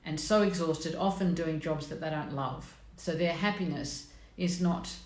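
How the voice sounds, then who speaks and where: Middle-aged female host, deep voice, casual and frank, live stream from an echoey room. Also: unhurried, darkish tone. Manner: chatty, blunt and self-mocking, greets viewers by name.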